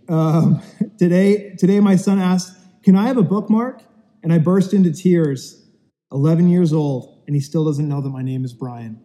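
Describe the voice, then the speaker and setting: A man's voice: on the high side, dark tone. A male pastor gives a chatty, casual sermon to an online audience from an empty church auditorium. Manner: chatty, telling dad jokes with self-deprecating asides. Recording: long reverb of a large hall.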